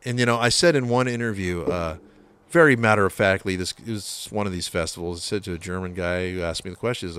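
Guest: man, Bay Area metal guitarist, low voice, swears a lot, acts out quotes as he tells the story, dry room sound. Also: quick pace, a bit bright, clean tone, dry recording. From San Francisco Bay Area. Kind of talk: casual storytelling interview.

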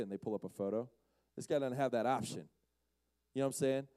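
A man giving a casual, storytelling sermon, animated and slangy, acting out the characters as he retells the story. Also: mid-range voice, fast, clean tone, dry recording. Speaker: speaker at a Friday night session.

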